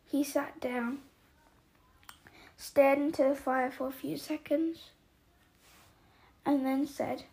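Slow high-voiced woman reading aloud. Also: fairly even intonation, darkish tone. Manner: unhurried reading with small restarts. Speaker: podcast host.

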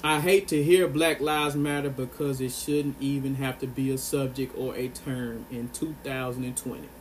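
A man's voice: medium pitch, fairly even intonation, normal speed, a little hiss or hum. A man delivering an earnest, impassioned monologue to his viewers, pressing his points and repeating phrases for emphasis. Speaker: vlogger.

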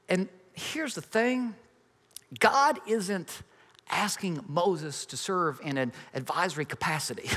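A man's voice: sits high, takes it slowly, bright, forceful tone. A man in his thirties preaching a sermon with emphasis, acting out the voices in the stories he tells. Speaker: pastor. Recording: reverberant hall.

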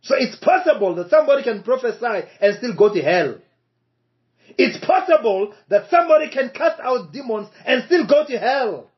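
A man preaching a sermon, slow and emphatic, repeating key phrases for weight. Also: very high-pitched, very animated. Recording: dull lo-fi recording.

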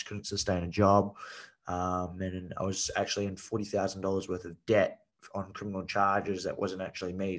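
A man in his late twenties with a low, level voice. He keeps the same even tone as he talks as a podcast guest. He speaks bluntly and swears freely, leaning on "like" and "you know" as he goes. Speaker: podcast guest, men's coach. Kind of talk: casual storytelling podcast chat.

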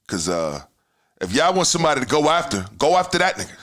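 A man hosting a podcast, talking heatedly in casual chat, swearing freely and swinging between loud outbursts and mutters. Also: fairly high pitch, big pitch swings, fast. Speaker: podcast host.

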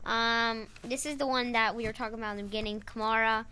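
A woman's voice: on the high side, steady tone, fast talker, sharp tone. A woman co-hosting a casual sports podcast, playful and giggly, a bit hesitant. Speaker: podcast co-host.

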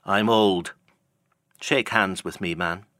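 A man's voice: sits low, fairly even intonation, slow, pushed and bright, dry recording, clean studio sound, full character voice. A man voicing an aging, obsessed sea captain who speaks in a solemn, declaiming old-fashioned manner. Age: older. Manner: declaiming, solemn archaic speech. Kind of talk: audiobook character reading.

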